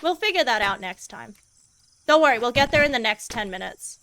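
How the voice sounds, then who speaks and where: A woman's voice: fairly high pitch, expressive, a little fast, bright, forceful tone, slight background noise, poor audio. A woman streaming a game as a VTuber, chatting casually in a goofy, laid-back way and swearing freely.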